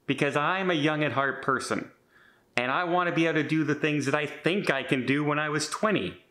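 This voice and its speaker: A man's voice: fairly high pitch, fairly quick, bright, forceful tone. A man in his fifties talking in a casual vlog, chatty and rambling with many restarts, earnest and a bit defensive. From Canada. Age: 50s. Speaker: vlogger.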